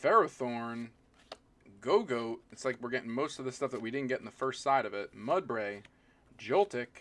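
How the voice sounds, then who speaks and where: A man's voice: mid-range voice, expressive, moderate pace, a bit bright, a little hiss or hum. Chatty male streamer calling out cards. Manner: chatty, rambling, calls out each card as it is pulled; talks to viewers and people in the room. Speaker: streamer opening trading card packs. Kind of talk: casual live-stream chat.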